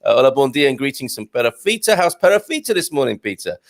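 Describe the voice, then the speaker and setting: A man's voice: mid-range voice, very animated, quick pace, vocal fry. Middle aged guy hosting a live show, reads comments, jokes around, voice goes up and down a lot. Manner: jokey, reads out viewer comments. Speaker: show host. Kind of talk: casual live-stream chat.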